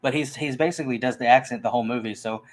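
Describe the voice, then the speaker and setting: A movie podcast co-host with a mid-range voice talks at a racing pace in casual conversation about a film. He rambles, with frequent restarts and fillers.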